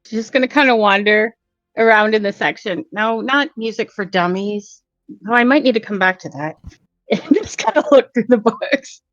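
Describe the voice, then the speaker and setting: A woman's voice: fairly high pitch, normal speed, fairly bright tone, no echo, lo-fi sound. A woman playing in a tabletop game, talking in a chatty, rambling way full of fillers. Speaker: player. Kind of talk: casual tabletop play.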